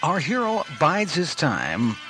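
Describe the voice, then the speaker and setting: A man co-hosting and narrating a comedy radio serial in a wry, deadpan way. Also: on the high side, slow pace, over music. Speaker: co-host and narrator.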